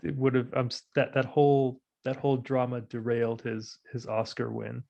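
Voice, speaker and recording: Halting, self-deprecating man from Ohio. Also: mid-range voice, monotone, creaky, dark tone, muffled recording. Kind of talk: casual chat.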